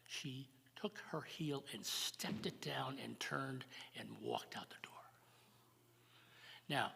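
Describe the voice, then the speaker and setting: An older man hosting a live church jazz service, announcing events and telling a folk story in a folksy, halting way. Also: medium pitch, gravelly, pushed and bright, breathy edge. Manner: folksy, halting, with fillers and repeats. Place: church sanctuary. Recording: live church broadcast with long reverb.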